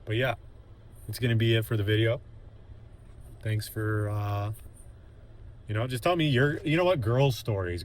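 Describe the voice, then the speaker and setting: A young gaming channel host tells a story casually while playing a game, rambling with plenty of filler words and chuckling to himself. His voice is lowish, with slight background noise.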